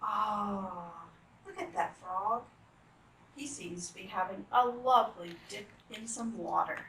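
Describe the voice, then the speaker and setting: A woman reading picture books aloud to children, animated and full of gasps and exclamations. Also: medium pitch, slow pace, reverberant, distant mic, background noise. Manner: animated, gasping, exclaiming to young listeners. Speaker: children's storytime reader.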